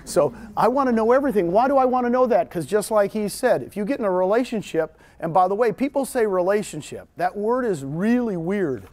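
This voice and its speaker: Middle-aged Texan man, higher voice, animated seminar presenter, talks to a live room. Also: a little fast, hardly any pauses. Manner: animated storyteller, jokes with audience. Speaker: real estate trainer. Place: meeting room with audience.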